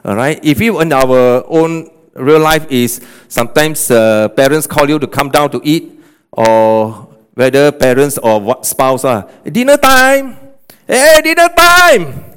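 A male pastor preaching a sermon, animated, often checking in with "okay" and "all right?". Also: medium pitch, measured pace, smooth. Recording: long hall reverb.

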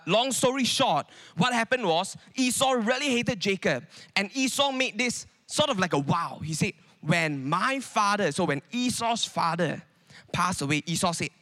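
A man's voice: sits high, sharp tone. A man preaching a sermon in a conversational way, with many rhetorical questions.

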